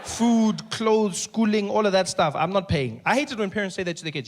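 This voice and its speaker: Playful South African stand-up comedian. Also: male voice, high voice, brisk, few pauses, slight background noise. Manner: animated, playful storytelling. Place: comedy stage before a live audience.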